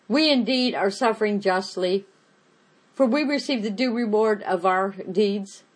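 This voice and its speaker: A woman teaching a Bible study, reading scripture aloud and then explaining it in plain, unhurried words. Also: medium pitch, rough recording.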